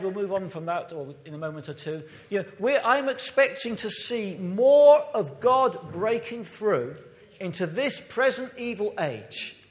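A man's voice: sits high, in a large hall. A man from the United Kingdom giving an impassioned sermon as a pastor, recorded in a church. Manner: impassioned, emphatic preaching.

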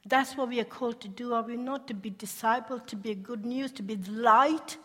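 A woman telling her conversion-mission testimony as a sermon, animated and laughing often, asking her listeners questions. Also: on the high side, fast. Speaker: speaker sharing a testimony. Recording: long hall reverb.

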